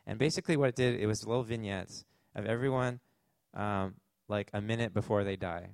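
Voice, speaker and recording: A man's voice: lowish voice, fairly quick, gravelly, no room sound. A man with a Canadian accent preaching a sermon as pastor, conversational, with asides and fillers.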